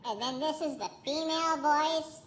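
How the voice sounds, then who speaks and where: A man talking through a high "baby" voice-changer preset with added echo, joking around. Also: normal speed, a bit bright. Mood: goofy. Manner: goofy, joking. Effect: pitch-raising voice changer with added echo.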